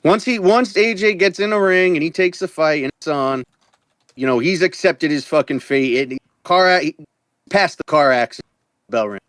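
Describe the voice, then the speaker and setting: A blunt man chatting on a podcast, swearing freely as he makes his points. His voice sits a little higher than most men's. It is recorded dry and close. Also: normal speed, fairly bright tone, no room sound. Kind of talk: casual boxing banter.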